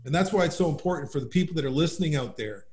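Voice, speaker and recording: A man telling his life story as a guest in an interview, upbeat and animated. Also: fairly high pitch, racing. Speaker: guest, business founder. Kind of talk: conversational storytelling. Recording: roomy echo.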